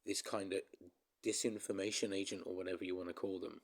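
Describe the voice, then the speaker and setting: A vlogger vents casually to his viewers in a rambling, emphatic flow, restarting his thoughts and repeatedly calling them guys. His voice is a little low and gravelly, level in tone, and he talks fast.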